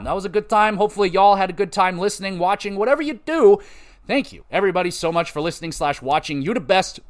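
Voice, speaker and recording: A young man hosting a solo gaming podcast, talking loosely and excitably with a lot of swearing. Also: a little high. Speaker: podcast host. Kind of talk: casual solo podcast talk.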